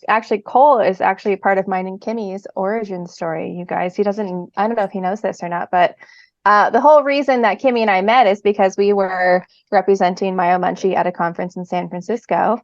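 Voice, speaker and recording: A woman's voice: medium pitch, normal speed, no room sound. Bubbly woman podcast co-host. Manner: bubbly, laughing, enthusiastic. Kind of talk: casual podcast chat. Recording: dry, dull lo-fi sound.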